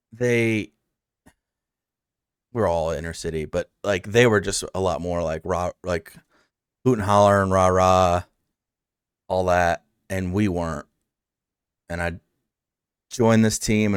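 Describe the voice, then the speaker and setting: Speaking low and unhurried with frequent pauses, a podcast host in a casual interview rambles through a heartfelt story packed with fillers. His voice is smooth, and the recording is dry and studio quality.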